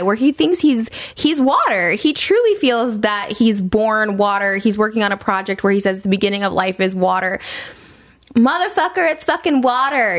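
A young woman hosting a show, ranting casually and bluntly with lots of swearing, laughing at her own story and dropping into a low mocking voice to read out messages. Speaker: podcast host.

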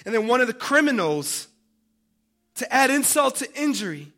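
A man preaching a sermon, dramatic, swinging from loud emphasis to hushed tones and calling his listeners family. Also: extremely high pitch, sing-song, normal speed.

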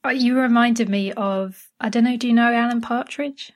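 A woman's voice: fairly high pitch, steady tone, moderate pace. A woman from England hosting a podcast, reading the intro and chatting casually, laughing easily. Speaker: podcast host. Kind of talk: casual chat.

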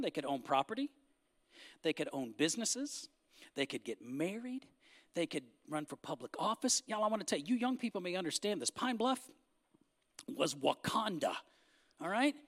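Folksy high-voiced man preaching. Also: fairly bright tone, big-room sound. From Arkansas. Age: 50s. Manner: folksy, joking, rising to emphatic bursts. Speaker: speaker addressing a church crowd. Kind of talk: humorous sermon-style speech.

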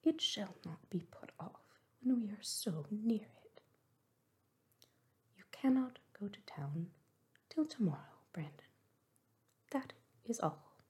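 A woman's voice: medium pitch, lively intonation, slow, pauses often, breathy edge, heavily acted. Woman whispering as a bluff hearty baronet, whispered role-play. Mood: insistent.

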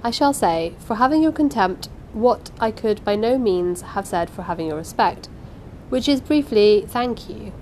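A woman's voice: medium pitch, expressive, normal speed, darkish tone, slight background noise, lightly acted. A woman reading aloud and voicing a small, polite older foreign man who answers with dignified courtesy. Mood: polite firm. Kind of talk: audiobook reading.

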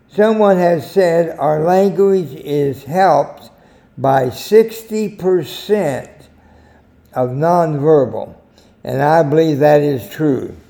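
An older American man hosting a short editorial, telling anecdotes in a slow, deliberate storytelling manner. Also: fairly high pitch, vocal fry, dark tone. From United States. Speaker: editorial host.

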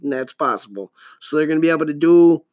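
A man's voice: fairly high pitch, expressive, fast, darkish tone. A man in his thirties hosting a solo podcast, rambling casually with lots of profanity and jokes. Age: 30s. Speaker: podcast host.

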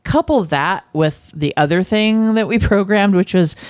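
A woman's voice: mid-range voice, measured pace, darkish tone, clean tone, no room sound. Chatty woman podcast host, dry close mic. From California. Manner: laughs often, chatty and playful. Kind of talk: casual chat.

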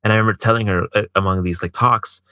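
A man's voice: lowish voice, fairly even intonation, fast, pushed and bright, dry recording. A man telling a personal story in casual chat, swearing a lot, filling his speech with "like", and acting out what others said. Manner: profane, heavy use of filler "like"; acts out quoted dialogue.

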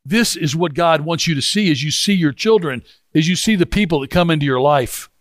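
A man preaching a sermon in a conversational way, with halting restarts, dropping lower when he reads scripture. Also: lively intonation, no room sound, clean studio sound. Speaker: pastor.

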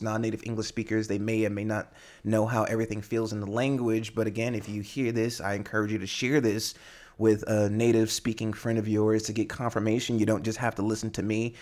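A man's voice: on the low side, level tone, brisk, darkish tone. A man hosting a podcast for English learners, explaining language in a rambling way with many fillers and tag questions. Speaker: podcast host and English teacher. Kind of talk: casual teaching monologue.

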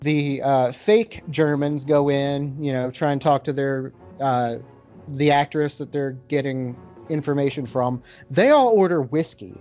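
A man's voice: mid-range voice, measured pace, darkish tone, faint music behind. A man hosting a casual podcast chat, talking loosely with many filler words while reviewing a beer. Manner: laid-back, lots of filler words.

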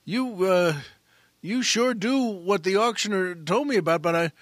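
A bewildered old farmer, flustered and stammering, trips over his words and keeps them low and hushed, as a man puts him on. His tone stays bright and edgy even as it drops. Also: a little slow, no echo, studio quality. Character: bewildered soft-spoken older male farmer.

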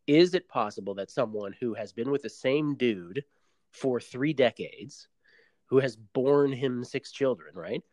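A man's voice: medium pitch, measured pace, darkish tone, dry recording. A man co-hosting a podcast, chatting casually and playfully, arguing his points with rhetorical questions. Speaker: podcast co-host. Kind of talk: casual chat recapping a reality show.

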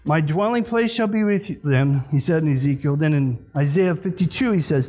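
A man's voice: fairly high pitch, animated, normal speed, hardly any pauses. A male pastor preaching a sermon, asking the congregation questions and answering them himself. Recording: long hall reverb.

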